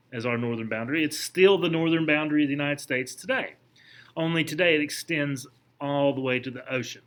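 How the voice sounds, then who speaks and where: A man lectures a history class in a conversational way, pointing things out, quizzing his students, and restarting his sentences often. His voice is medium-pitched, bright, and forceful.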